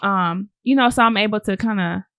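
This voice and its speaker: A woman's voice: medium pitch, normal speed, fairly bright tone, dry recording, clean studio sound. A woman in her thirties speaking candidly and emphatically in a casual conversation, using colloquial slang. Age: 30s. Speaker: guest. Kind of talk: casual chat.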